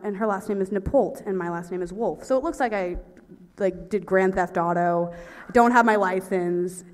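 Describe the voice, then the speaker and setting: A young woman performing a stand-up story, talking in a breathless, excitable way and laughing at her own jokes. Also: medium pitch. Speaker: stand-up comedian. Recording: reverberant hall.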